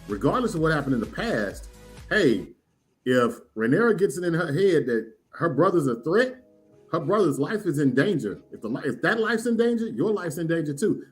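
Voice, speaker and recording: Man, podcast co-host, measured and questioning, slightly high voice, faint music. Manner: measured, questioning, pushes back. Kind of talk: casual chat.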